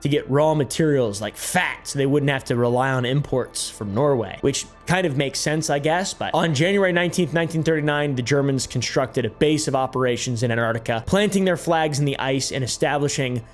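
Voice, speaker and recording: A man's voice: medium pitch, fairly quick, few pauses, faint music behind. A young man hosting a comedic commentary video, sarcastic with frequent joking asides. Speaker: host.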